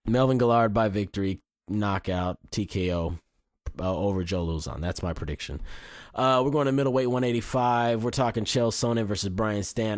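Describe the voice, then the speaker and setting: A man with a very low voice delivers casual fight predictions, blunt and boastful, tripping over his own restarts as he goes. The sound is close and dry, with no room around it. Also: no room sound. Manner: blunt, boastful and cocky, with frequent restarts and mild swearing. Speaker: fight commentator and video host.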